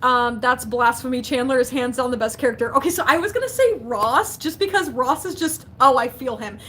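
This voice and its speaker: A woman's voice: high-pitched, fairly quick, a little hiss or hum. A young woman chatting casually on a livestream, answering viewers' chat, talkative and full of fillers. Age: young adult. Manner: chatty, animated, lots of fillers and quoted dialogue. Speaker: YouTuber answering live chat.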